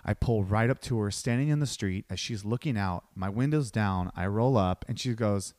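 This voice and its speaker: Animated man telling a story. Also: fairly low pitch, moderate pace, no room sound, studio quality. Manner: animated, acts out every voice, swears freely. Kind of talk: casual storytelling.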